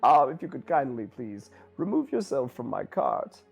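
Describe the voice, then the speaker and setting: A man voicing a flamboyant, smug male merchant with a slow, sly, theatrical delivery. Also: mid-range voice, sing-song, creaky, breathy edge, faint music behind, full character voice.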